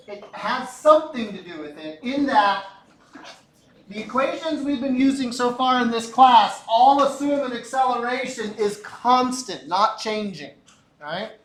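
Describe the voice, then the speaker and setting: Middle-aged male teacher, high voice, lively classroom lecture, echoey room. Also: slight background noise. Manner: animated, chatty, asks rhetorical questions.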